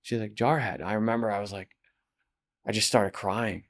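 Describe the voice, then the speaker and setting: Rambling, animated male actor storyteller. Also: lowish voice, normal speed. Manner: rambling, animated, with many restarts. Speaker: actor guest. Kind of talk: casual storytelling interview.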